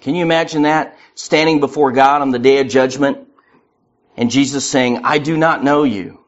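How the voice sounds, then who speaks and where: A man's voice: medium pitch, normal speed. A man preaching a sermon earnestly, acting out the voices in his quotes. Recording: muffled lo-fi recording.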